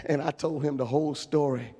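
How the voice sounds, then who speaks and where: A man preaching a lively storytelling sermon, shouting and laughing as he acts out the story. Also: fairly high pitch, brisk. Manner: animated, shouting and laughing while acting out a story. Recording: long echo of a large hall.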